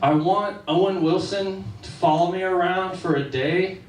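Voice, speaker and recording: A man's voice: sits high, normal speed, recorded from a distance. A male stand-up comedian performing a set on a club stage, with a casual storytelling delivery. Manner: conversational, storytelling. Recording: echoey club room, slightly off-mic.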